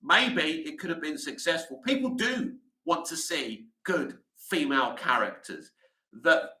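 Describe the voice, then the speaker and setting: Chatty man with a sharp bright voice. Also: on the high side, very animated, unhurried, reverberant, low-quality recording. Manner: rambling, chatty, fillers like "you know". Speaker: livestream host. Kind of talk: casual livestream chat answering viewer comments.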